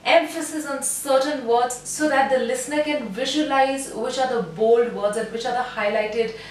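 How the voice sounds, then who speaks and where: A woman teaching an online voice lesson, calmly explaining and then showing slow and fast pacing. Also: distant mic. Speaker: voice coach. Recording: very echoey room, off mic, faint rumble.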